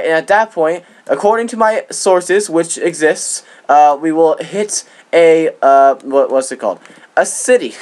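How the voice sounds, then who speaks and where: Excitable man doing game commentary. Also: a little high. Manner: excitable, jokey boasting; rambling with frequent restarts. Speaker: gaming channel host. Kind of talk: casual gameplay commentary.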